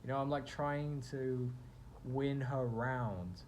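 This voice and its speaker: A man's voice: mid-range voice, slow, darkish tone, a little hiss or hum. A young man telling a personal story in a casual vlog, rambling and full of fillers as he reflects on his own feelings. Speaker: vlogger.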